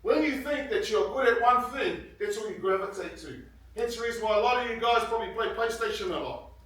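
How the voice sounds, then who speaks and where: A man's voice: very high-pitched, animated, a little fast, a bit bright. Man in his 50s, earnest motivational speaker; sound is distant from the mic in a very reverberant hall. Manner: earnest storytelling, grows emotional. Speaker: guest speaker, former rugby player. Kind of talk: motivational speech to students. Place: large hall with an audience. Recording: very echoey hall, heard from afar.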